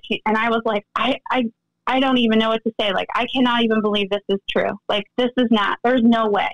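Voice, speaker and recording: Woman guest telling her story on a podcast, a bit high, acts out the voices, dry close sound. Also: quick pace, dry recording, dull audio. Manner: animated storytelling, acts out quoted dialogue. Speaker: interview guest, friend of the deceased. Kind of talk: candid podcast interview.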